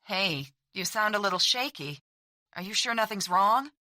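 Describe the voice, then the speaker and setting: A woman voicing an eager, brisk soldier who is the heroine's older brother. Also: mid-range voice, expressive, dry recording, studio quality, voice pushed up. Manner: eager, brisk, falsely bright.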